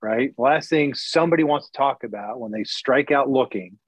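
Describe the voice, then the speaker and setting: A middle-aged man who used to broadcast baseball, talking candidly and bluntly as an interview guest, with sarcastic asides and many quick restarts. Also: mid-range voice, slightly rough, no echo. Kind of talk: casual interview talk. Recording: dry, slightly dull lo-fi recording.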